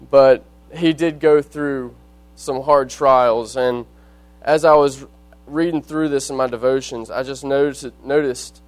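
A man giving a short devotion to a congregation, talking in a folksy, relaxed way with fillers. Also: mid-range voice, poor audio. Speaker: lay preacher giving a devotion. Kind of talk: sermon.

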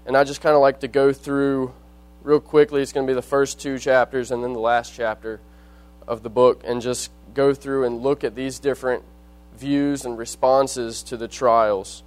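A man giving a short devotion to a congregation, talking in a folksy, relaxed way with fillers. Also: mid-range voice, normal speed, low-quality recording. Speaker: lay preacher giving a devotion. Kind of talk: sermon.

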